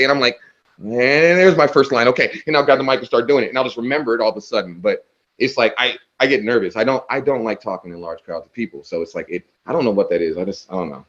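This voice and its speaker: Animated storytelling man, lo-fi sound. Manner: animated, acts out quotes with big pitch jumps; swears freely, restarts often. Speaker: guest. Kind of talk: casual storytelling interview.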